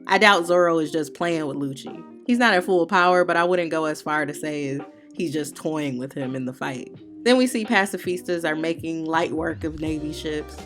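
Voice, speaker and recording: A woman's voice: sits low, moderate pace, a bit bright, soft background music. A woman hosting a manga review, recapping the chapter in casual, slangy, opinionated talk with playful heckling asides.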